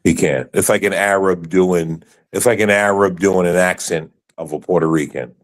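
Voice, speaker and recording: A man's voice: low voice, fairly even intonation, moderate pace, poor audio. A man chatting casually on a podcast, emphatic, stammering and restarting often.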